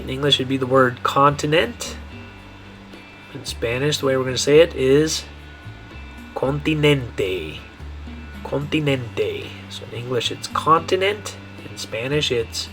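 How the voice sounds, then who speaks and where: A man giving a Spanish pronunciation lesson, repeating each word slowly and checking in with the learner. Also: medium pitch, bright, forceful tone. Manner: slow, repetitive modeling of words with frequent checks. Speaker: Spanish teacher.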